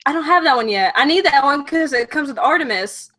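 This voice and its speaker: Bright-voiced chatty young woman host. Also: high voice, animated, brisk. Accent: Southern US. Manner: chatty, apologetic, lots of "like". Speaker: livestream host. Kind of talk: casual livestream chat.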